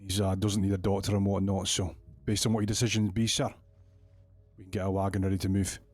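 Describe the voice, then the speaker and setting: A man's voice: sits low, flat delivery, fast, darkish tone, no echo, faint music behind. A man speaking in character as a deputy in a western roleplay, matter-of-fact.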